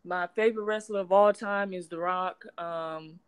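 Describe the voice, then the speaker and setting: A woman's voice: on the low side, fairly even intonation, moderate pace, smooth. A woman in her twenties with a Southern US accent, a blunt, cursing podcast co-host in casual chat. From California, raised in Alabama. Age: 20s. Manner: blunt, swears freely.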